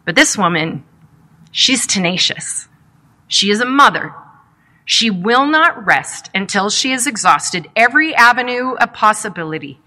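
A woman preaching a sermon in a reflective, measured storytelling manner, asking rhetorical questions. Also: mid-range voice, expressive, bright, forceful tone.

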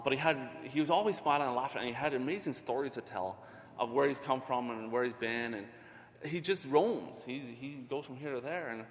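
Man, earnest sermon, conversational, mid pitch, echoey hall. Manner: earnest, conversational, many restarts. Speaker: ministry leader.

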